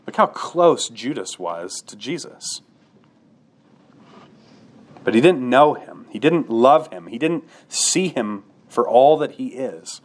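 A man preaching a sermon to his congregation, earnest and direct, often checking in with rhetorical questions. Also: mid-range voice. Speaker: pastor.

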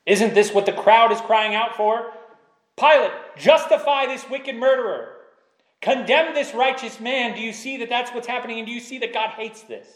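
A man with a notably high voice delivers an emphatic sermon. He drives his points home with repeated rhetorical questions aimed at the listeners. The sound carries a roomy echo. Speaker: preacher.

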